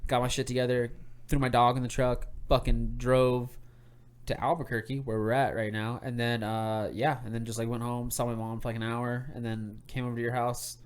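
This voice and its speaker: A man's voice: mid-range voice, flat delivery, moderate pace, clear, resonant tone. A man who is a stand-up comedian, a guest on a podcast in a studio, joking crudely and acting out other people's voices. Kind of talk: casual podcast chat. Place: recording studio.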